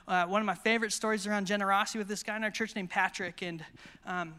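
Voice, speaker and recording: High, bright-voiced pastor. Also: male voice, quick pace, clear, resonant tone, big-room sound. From United States. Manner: energetic, storytelling with acted quotes. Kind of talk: sermon storytelling. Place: conference hall.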